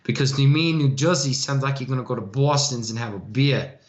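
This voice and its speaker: A man's voice: medium pitch, a little fast. A man from Colorado in casual table chat, blunt and swearing freely. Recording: roomy, muffled mic with faint hiss.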